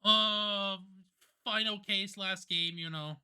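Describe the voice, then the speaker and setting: A woman streaming a game live, reacting playfully and exclaiming out loud. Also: mid-range voice, fairly even intonation, takes it slowly, smooth. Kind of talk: live game playthrough with voiced reading. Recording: loud background noise.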